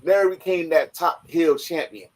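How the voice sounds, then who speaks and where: A man on a podcast in casual chat, excitable and loud, who often acts out other people's lines. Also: fairly high pitch, moderate pace, low-quality recording. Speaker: podcast co-host.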